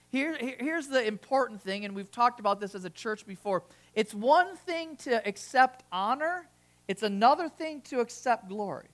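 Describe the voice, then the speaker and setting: A woman's voice: on the high side, expressive, moderate pace. A woman preaching a sermon in a conversational way, with frequent restarts and asides.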